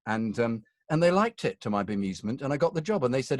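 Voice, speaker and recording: Animated self-deprecating middle-aged man. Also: on the low side, fast talker, few pauses, dry recording. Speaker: voice actor guest. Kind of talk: casual interview storytelling.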